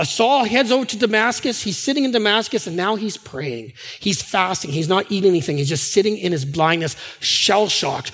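A male pastor giving a sermon in a conversational, animated storytelling manner. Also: high voice, big-room sound.

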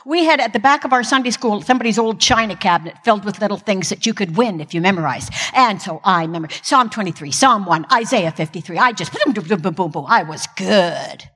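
A woman's voice: medium pitch, expressive, a little fast, hardly any pauses, a bit bright, husky. Self-deprecating older woman speaking in a hall. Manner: self-deprecating, comic timing. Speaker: Christian speaker. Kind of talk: humorous inspirational talk. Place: stage in a large hall.

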